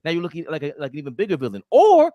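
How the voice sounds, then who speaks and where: A man co-hosting a casual sports podcast, talking in slangy, emphatic bursts with loud outbursts. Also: a little high, wildly swooping pitch, rapid-fire, no room sound. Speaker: podcast co-host.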